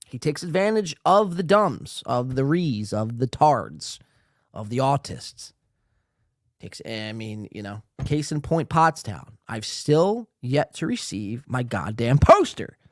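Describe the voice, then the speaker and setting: A man's voice: mid-range voice, slow pace, dry recording, studio quality. A man hosting a reaction podcast, ranting and swearing in casual commentary. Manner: profane, ranting, excitable. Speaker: podcast host.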